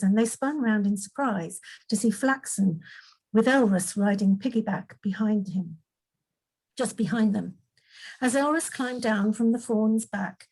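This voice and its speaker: A woman reading her own fantasy story aloud in an unhurried way, now and then correcting a slip. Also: medium pitch, a little mellow, breathy edge, poor audio. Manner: unhurried, occasional slips and self-corrections.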